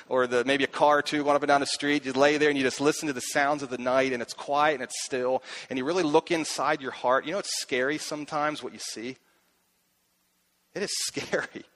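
A man's voice: a little high, fairly bright tone. A middle-aged man preaching a sermon as a pastor, earnest, asking himself questions aloud and repeating key phrases.

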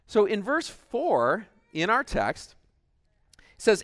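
A middle-aged man preaching a sermon, animated, swinging between shouted cheers and quiet asides. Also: sits high, takes it slowly. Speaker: pastor.

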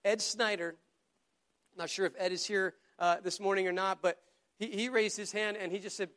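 A man's voice: sits high, fairly even intonation, moderate pace, fairly bright tone. A pastor preaching a sermon to his church in an earnest, conversational way, often repeating words as he goes.

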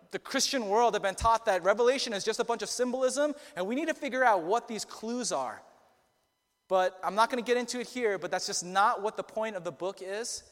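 A man preaching a sermon, earnest and emphatic, slowing down to stress key phrases. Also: high voice, fairly bright tone, big-room sound. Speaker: pastor.

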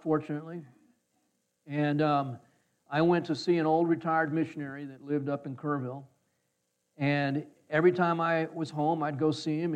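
A man preaching a sermon, telling a personal story in a folksy way and acting out the voices of people he quotes. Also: on the high side. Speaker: pastor. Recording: slightly dull, muffled sound.

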